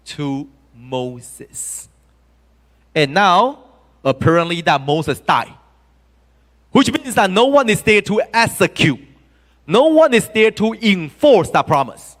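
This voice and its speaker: Guy preaching a sermon in church, higher voice, super lively ups and downs, big hall echo. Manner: animated storytelling with audience questions.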